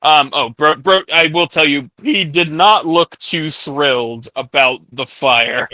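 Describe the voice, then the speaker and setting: A bright, fairly high-voiced man runs a tabletop game in casual, filler-heavy talk. The sound is close and dry, as if from a desk mic on a voice call. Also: measured pace, no room sound, rough recording. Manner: casual, many ums and likes, laughs often. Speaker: game master.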